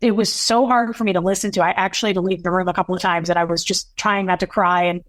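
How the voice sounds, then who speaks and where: This thirties-aged woman, a guest on a podcast, haltingly and earnestly recounts a personal, emotional experience, restarting frequently and quoting what people said. She speaks on the low side in a steady tone, with no room sound.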